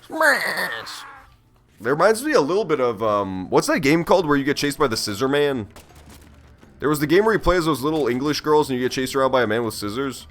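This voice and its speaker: A man's voice: mid-range voice, big pitch swings, fairly quick, a bit bright. A man giving casual gameplay commentary on a stream, joking and swearing as he reacts aloud to the game. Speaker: let's play streamer.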